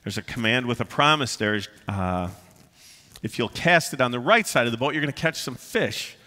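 Bright-voiced man preaching in a reverberant hall. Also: medium pitch, expressive, normal speed. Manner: emphatic, conversational preaching with frequent "uh" fillers. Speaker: pastor. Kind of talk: sermon. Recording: long reverb of a large hall.

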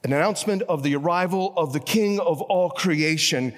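A man preaching a sermon, swinging between hushed, low passages and emphatic, raised lines. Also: normal speed, long reverb tail.

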